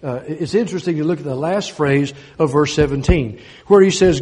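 A man preaching a sermon, declaiming scripture slowly and swinging from loud emphasis to quiet intensity. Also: fairly high pitch.

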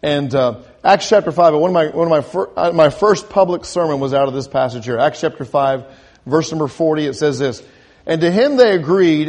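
This preacher's voice is fairly high and a little mellow. In his sermon he asks the congregation questions and builds to forceful peaks, often starting over and repeating words.

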